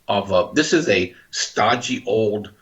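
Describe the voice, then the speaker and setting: A man's voice: fairly low pitch, expressive, takes it slowly, fairly bright tone, poor audio. A man hosting a market commentary show, chatting casually about trades with frequent restarts. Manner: conversational, restarts and fillers, explains trades plainly. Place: Southern California.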